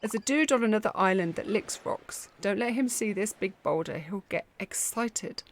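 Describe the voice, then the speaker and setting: A woman's voice: mid-range voice, lively intonation, moderate pace, slight background noise. A woman chatting over her gameplay with sarcastic asides. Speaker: gaming streamer. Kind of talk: let's play commentary.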